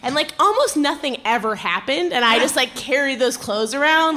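A woman's voice: sits high, animated, normal speed, sharp tone. Laughing woman from the audience. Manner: sheepish, laughing, chatty. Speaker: audience member. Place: live stage before an audience.

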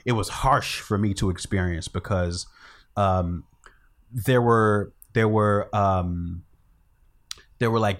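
Guy from chicago, lowish voice, laid back, dry self-deprecating stories. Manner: relaxed, wry, self-deprecating storytelling. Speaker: guest, rapper. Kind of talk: casual interview.

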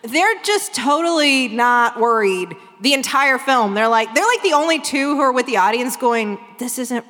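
Laughing high-voiced woman, live stage. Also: expressive, fairly bright tone. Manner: laughing, quick wry commentary. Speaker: co-host. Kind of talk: live comedic movie discussion. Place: stage before a live audience. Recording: live stage recording with long hall reverb.

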